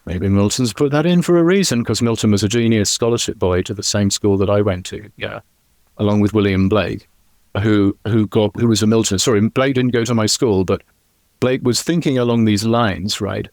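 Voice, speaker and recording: A man's voice: fairly low pitch, steady tone, normal speed, creaky, darkish tone, dry recording. A man, a podcast guest, talking in a rambling, digressive way and often checking in with "right?". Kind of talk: casual podcast interview.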